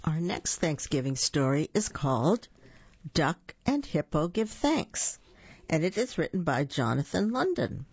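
A woman reading a picture book aloud, slowly and gently, with small slips and restarts. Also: deep voice, big pitch swings, slightly rough, no echo, highs cut off. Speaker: storyteller.

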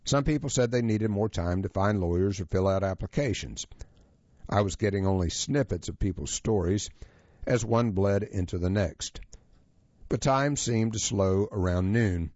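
Low-voiced man reading a feature, lo-fi. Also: no room sound. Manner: measured, even reading voice. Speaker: presenter reading a feature article. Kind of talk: scripted narration. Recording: dull, lo-fi, dry sound.

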